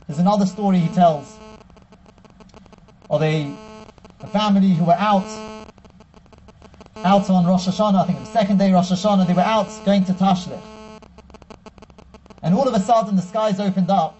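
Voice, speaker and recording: A man giving a storytelling sermon as a rabbi, animated and acting out the quotes, recorded with a slightly dull sound and a faint hum. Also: high voice, normal speed, long pauses. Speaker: rabbi giving a Torah class.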